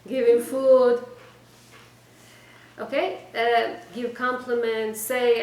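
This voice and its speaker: A woman teaching a weekly class to a small group, direct and exhorting, often checking in with her listeners and trading quick replies with them. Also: fairly high pitch, level tone, a little mellow. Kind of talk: informal lecture to a small group. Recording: echoey room, distant mic, faint background noise.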